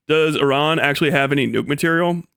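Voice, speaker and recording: High-voiced man in a profane mocking rant. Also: normal speed, vocal fry, fairly bright tone, no echo, studio quality. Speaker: streamer host. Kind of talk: live stream commentary.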